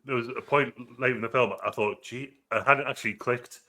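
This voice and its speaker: A man's voice: mid-range voice, fairly even intonation, a little fast, bright, forceful tone. A British man co-hosting a film review podcast, chatting casually and swearing freely. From United Kingdom. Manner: laid-back, swears casually. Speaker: podcast co-host. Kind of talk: casual chat.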